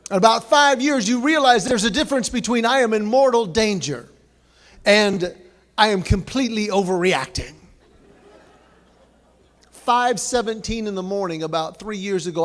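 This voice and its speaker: A man's voice: high voice, a bit bright. A man giving a humorous after-dinner speech at a banquet, telling folksy stories with comic asides. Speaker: banquet speaker.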